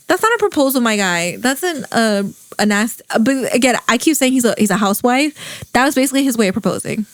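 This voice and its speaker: A woman's voice: on the high side, fast, no room sound. A young woman hosting a podcast, chatting casually and gushing as she retells a show's story. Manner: gushing, animated storytelling with lots of "like". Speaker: podcast host. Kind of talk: casual chat.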